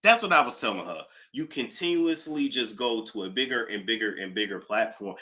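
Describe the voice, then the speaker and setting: Chatty male livestream host with a bright, forward voice; animated and talkative. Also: medium pitch, fairly quick. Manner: animated, chatty, reading out donor thanks. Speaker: YouTube gossip host. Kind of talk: casual livestream chat.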